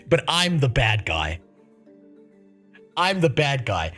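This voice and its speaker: A man's voice: medium pitch, a bit bright. Profane, laughing man. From South Africa. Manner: profane, laughs often while talking. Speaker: livestreamer. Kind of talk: casual chat.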